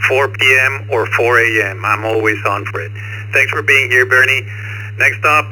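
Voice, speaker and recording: A man's voice: mid-range voice, normal speed, bright, forceful tone, low-quality recording. A man hosting an amateur radio net, chatting in a friendly, jokey way with lots of fillers. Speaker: net control host.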